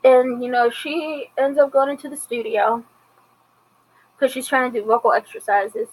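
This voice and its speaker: A woman with a fairly high voice recaps a TV episode in loose, casual commentary. She retells it chattily and slips into the characters' lines as she goes. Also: steady tone, moderate pace, low-quality recording. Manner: chatty retelling with acted-out quotes. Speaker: TV episode reviewer.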